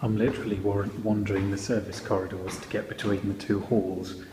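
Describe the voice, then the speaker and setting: A man's voice: on the low side, flat delivery, fairly quick, background noise. A young man casually vlogging as he walks, chatty and self-mocking, filmed on a handheld camera. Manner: chatty, self-mocking, walking while filming. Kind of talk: casual vlog commentary. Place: indoors and city streets.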